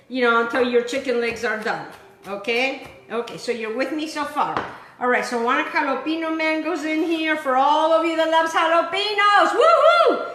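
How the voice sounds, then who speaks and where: A chatty woman hosts a home cooking demo, her high voice bright and sharp as it rings around an echoey kitchen. She is exuberant, letting out sudden whoops, with faint noise and clinking dishes behind her. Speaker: cooking show host. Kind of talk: casual home cooking demonstration.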